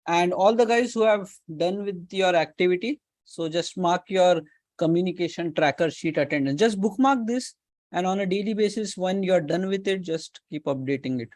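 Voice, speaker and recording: A man's voice: high-pitched, moderate pace, a little mellow, dry recording. A man with an Indian English accent coaching a live online session, giving instructions and repeating key advice, with Hindi words mixed in. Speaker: career coach hosting a live Q&A call.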